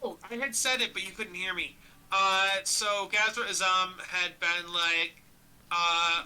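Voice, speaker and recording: A man narrating a tabletop game as game master over voice chat, halting and stumbling between phrases, recorded on a webcam microphone. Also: high voice, level tone, sharp tone, clear, resonant tone, poor audio.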